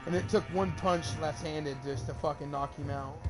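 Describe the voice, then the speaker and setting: A man's voice: a little high, moderate pace, loud music behind the voice. A young man streaming a game, telling a rambling, profane story in casual chat. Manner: rambling, profane, animated when quoting. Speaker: gamer streamer. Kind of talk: casual storytelling while gaming.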